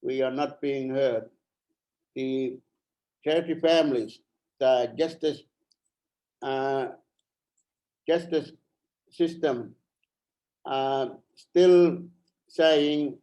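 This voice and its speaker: This is a middle-aged MP from Arnhem Land, Australia, addressing an online forum in an earnest, faltering way, with repeated phrases and a slight breathlessness. The voice is mid-range and warm, though the audio is poor.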